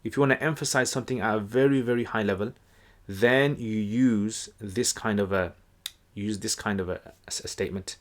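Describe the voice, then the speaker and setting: A man giving a casual explanatory lesson, conversational and relaxed, with many fillers and restarts. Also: lowish voice, moderate pace. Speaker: Quran teacher.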